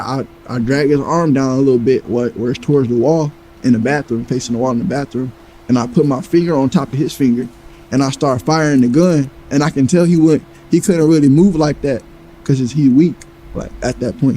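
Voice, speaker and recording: Male storyteller, casual and animated, mellow low-bright tone, light background hiss. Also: low-quality recording. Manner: animated, acts out quoted lines, heavy profanity.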